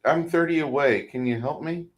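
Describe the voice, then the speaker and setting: A man's voice: on the high side, normal speed, poor audio. A man joining a casual live stream as co-host, trading playful teasing banter.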